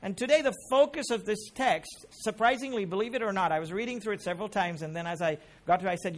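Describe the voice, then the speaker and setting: A man's voice: high-pitched, fast, hardly any pauses. A middle-aged man preaching a sermon as pastor, emphatic, with rising questions put to the congregation.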